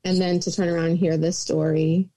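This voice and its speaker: A woman's voice: fairly low pitch, little pitch movement, fairly quick, dark tone. A young woman in casual podcast chat, telling a story in a loose, rambling way full of "like" and "um".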